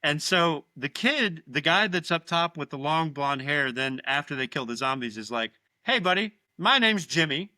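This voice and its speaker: A man's voice: a little high, moderate pace, few pauses, sharp tone, no echo. A man co-hosting a casual podcast, animatedly retelling film scenes and swearing freely. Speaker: podcast co-host.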